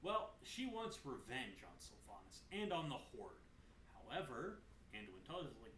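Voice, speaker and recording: A young man casually recapping a game's story, animated, joking and swearing freely. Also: mid-range voice, a little slow, slight background noise. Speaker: gaming channel host. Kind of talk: casual game lore recap. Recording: roomy echo.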